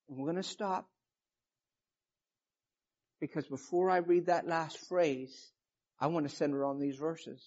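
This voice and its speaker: A man's voice: steady tone, unhurried, long pauses, darkish tone. A man in his fifties preaching a sermon, telling a personal story with emotion and reading scripture with rising passion. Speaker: pastor. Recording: muffled low-fidelity recording.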